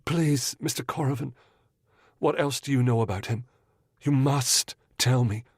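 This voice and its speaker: A man's voice: medium pitch, measured pace, breathy edge, dry recording, voice pushed up. An earnest young married woman in an audiobook, raised well above the reader's own voice, compassionate and pleading, as a male narrator puts her on. Her lines come across dry and close, with no room around them. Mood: urgent. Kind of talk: audiobook character voice.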